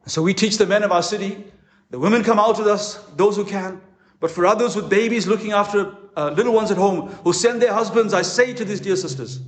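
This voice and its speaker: A man preaching a conference sermon as a pastor, impassioned, with dramatic pauses. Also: high-pitched. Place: conference hall. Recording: echoey hall.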